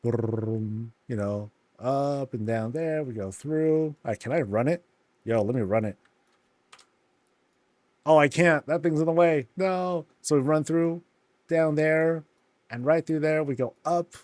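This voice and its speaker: A man's voice: fairly high pitch, measured pace, a little mellow, no room sound. A man casually commenting on a game, telling stories animatedly with slangy asides. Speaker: game streamer.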